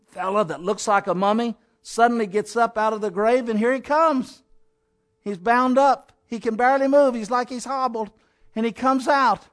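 A man preaching a storytelling sermon, acting out the quotes with sudden swings between loud and soft. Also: high-pitched.

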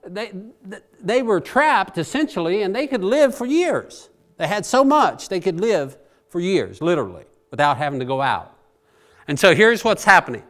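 A male preacher gives a lively, conversational Bible sermon. His slightly high voice rises and falls a great deal, jumping from loud emphasis to quiet asides. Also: moderate pace. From Virginia. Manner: animated, chatty, swings between loud and quiet.

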